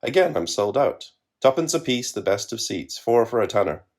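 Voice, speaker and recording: A man voicing a serene older woman street seller who chants her pitch in a flat, sing-song voice. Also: normal speed. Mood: chanting.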